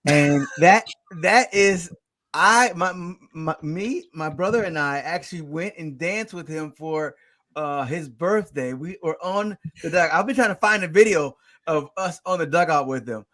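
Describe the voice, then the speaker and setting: A man guest on a business show, talking with lively energy and frequent restarts. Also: on the high side, measured pace. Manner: energetic, warm storytelling with restarts. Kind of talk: casual interview talk.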